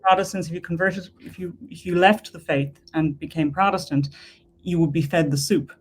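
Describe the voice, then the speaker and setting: An earnest woman from Ireland recounts her personal faith story. Her voice sits low for a woman. She leans on repetition to stress her points. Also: fairly even intonation, moderate pace, a little hiss or hum. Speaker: guest.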